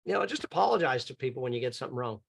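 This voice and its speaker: A man's voice: medium pitch, animated, very fast, vocal fry, slightly rough. Chatty Australian man coaching online. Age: middle-aged. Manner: chatty, conversational, answers questions off the cuff. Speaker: business coach. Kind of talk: live online coaching session.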